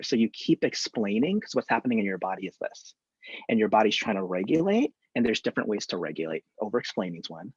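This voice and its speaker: A man talking as a therapist in a live online conversation, candid and animated, acting out examples from his work. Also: lowish voice, quick pace, breathy edge, dry recording, highs cut off.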